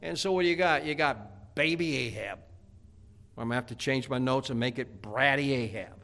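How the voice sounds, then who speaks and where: A man preaching a sermon, telling a Bible story in a lively, dramatic way. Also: mid-range voice, normal speed, vocal fry. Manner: animated storytelling preaching, acting out scripture characters.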